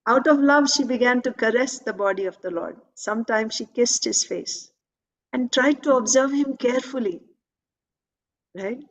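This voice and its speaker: A woman's voice: fairly high pitch, normal speed, poor audio. A woman reading and explaining a devotional scripture in a class. She repeats phrases and often checks in with "right?".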